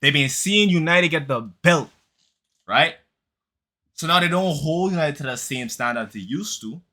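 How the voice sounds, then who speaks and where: A man in a heated football reaction rant, speaking in street slang with a mocking edge. His voice is sharp and forceful and sits a little high. He keeps circling back to the same lines to hammer his point home. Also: lively intonation, a little slow, slight background noise. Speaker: football fan commentator. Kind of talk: reaction commentary.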